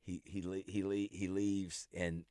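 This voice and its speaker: A man's voice: low voice, flat delivery, unhurried, dry recording. Rambling male radio co-host, dry studio. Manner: storytelling, repeats words, trails off quietly. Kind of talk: casual radio chat. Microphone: studio mic.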